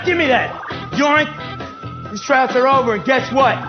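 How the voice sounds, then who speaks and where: An actor playing a brash, crude young male jock bully who shouts, taunts and laughs at his own jokes, in a comedic stage play. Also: extremely high pitch, unhurried, muffled recording, over music. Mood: mocking.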